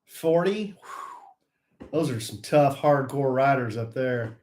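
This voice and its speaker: A man's voice: medium pitch, slow. A middle-aged man co-hosting a live stream, greeting viewers by name and teasing his co-host in casual banter. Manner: playful, teasing, lively banter.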